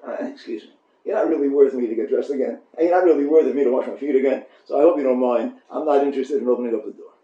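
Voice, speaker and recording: A man's voice: mid-range voice, rapid-fire, hardly any pauses, dark tone, natural voice. Man doing a fickle lovesick young woman. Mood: dismissive. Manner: dismissive then breathless and pleading. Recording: echoey room, dull lo-fi sound.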